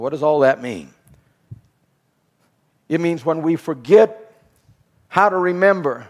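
A man preaching a sermon with an emphatic, repetitive cadence. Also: on the high side. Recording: reverberant hall.

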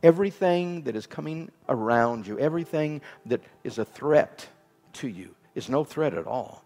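A man's voice: medium pitch, lively intonation, normal speed, a little mellow, faint music behind. Emphatic man preaching in an echoing hall. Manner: emphatic, repetitive preaching cadence. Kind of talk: sermon. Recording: reverberant hall.

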